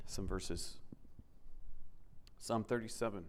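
A male pastor giving an animated sermon, moving between lively storytelling and quiet reflection. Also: fairly high pitch, measured pace, slight background noise.

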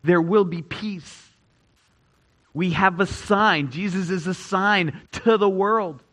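A man delivers a sermon in a fairly high voice. He stresses his main points by repeating them, rising loud and then falling to a hush. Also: takes it slowly, poor audio. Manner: emphatic, repeats key phrases, swings between loud and hushed. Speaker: pastor.

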